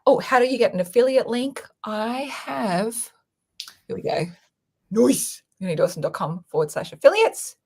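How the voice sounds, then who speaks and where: A middle-aged woman hosting a livestream, chatting frankly and cursing freely as she answers comments and pushes a deal. Her voice has a gravelly, husky texture. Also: moderate pace. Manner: frank, sweary and excitable sales pitch. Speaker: online business coach hosting a livestream. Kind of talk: casual livestream chat reading viewer comments.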